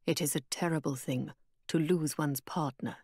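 A woman voicing a calm, solemn male warrior guide who speaks in a measured, reassuring way. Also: fairly high pitch, slightly rough, no room sound, clean studio sound, pitched below the performer's own voice. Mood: somber.

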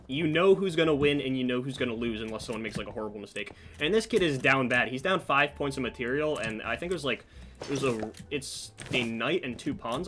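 A man's voice: medium pitch, a little hiss or hum. A man telling a story in casual commentary over his own gameplay, breaking off for asides about the match. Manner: storytelling while playing, animated asides. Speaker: gaming commentator.

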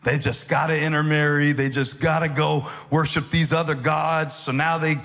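A male pastor telling a joking family story in a sermon, building from easy banter into loud, emphatic preaching. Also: on the high side, flat delivery, moderate pace, creaky, faint music behind. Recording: echoey hall reverb.

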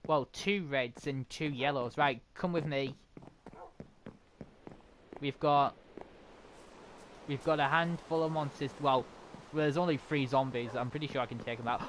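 A man giving excitable, chatty commentary while playing a game. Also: a little high, a little hiss or hum. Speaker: gamer. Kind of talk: casual gameplay commentary.

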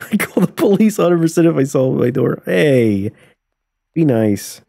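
A man's voice: fairly high pitch, animated, a little fast, creaky, mellow, breathy edge, dry recording, studio quality. A man streaming a life-sim game live, joking and swearing his way through the commentary. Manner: playful, profane, laughs often.

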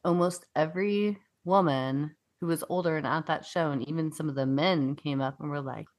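A woman's voice: sits low, normal speed, darkish tone. A middle-aged woman co-hosting a podcast, telling stories in a blunt, casual way with lots of swearing. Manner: blunt, swears freely, storytelling. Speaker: podcast co-host. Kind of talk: casual chat.

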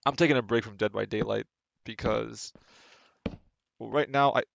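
This young man streams a game live from a desk microphone at home, rambling casually to himself and chat and often restarting his sentences, with game music beneath. He has a medium-pitched, gravelly voice with fairly even intonation and moderate pace, in lo-fi sound with a little hiss or hum.

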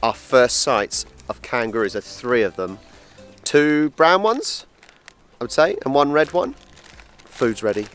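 A man from England, chatting excitedly in a casual travel vlog at an outdoor wildlife park. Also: medium pitch, unhurried, clean tone, faint music behind. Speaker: travel vlogger.

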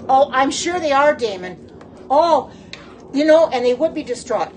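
A woman's voice: fairly high pitch, a little hiss or hum. A middle-aged woman hosting a casual phone livestream from her home kitchen, chatting while she cooks, reacting aloud to viewer comments and exclaiming often. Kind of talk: casual live-stream chat while cooking.

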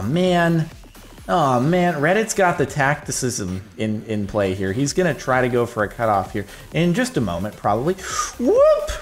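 A man giving casual, jokey commentary on his own gameplay, rambling and laughing as he plays. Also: medium pitch. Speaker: gaming video host.

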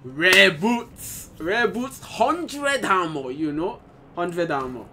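A man hosting a gaming channel, giving excitable live gameplay commentary with frequent exclamations and repeated phrases. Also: high-pitched, slow. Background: game music.

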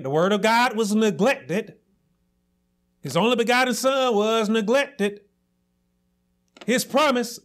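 A man pastor delivering a sermon, preaching emphatically with repeated phrases and rising to shouts. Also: high-pitched.

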